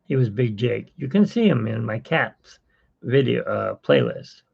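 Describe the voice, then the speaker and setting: A man's voice: mid-range voice, very animated, unhurried, gravelly, husky. A man hosting a casual live-stream chat, rambling and self-mocking with corny jokes. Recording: dull lo-fi stream audio.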